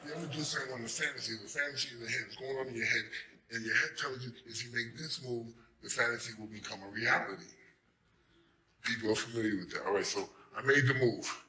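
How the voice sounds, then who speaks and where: A man telling a profane, animated story live to an audience, joking with the crowd. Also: medium pitch, fast talker. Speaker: stage storyteller. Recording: roomy hall echo.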